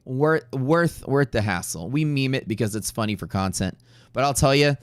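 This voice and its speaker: A man hosting a live trading stream, chatting casually in a rambling way with profane jokes and quick asides to viewers. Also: on the low side, clean tone, dry recording. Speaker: livestream trading host.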